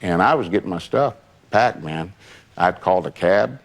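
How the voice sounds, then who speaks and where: A man's voice: low-pitched, animated, moderate pace, creaky. An older man telling a personal story in a rambling, casual way, with many asides. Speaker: longtime associate recounting memories.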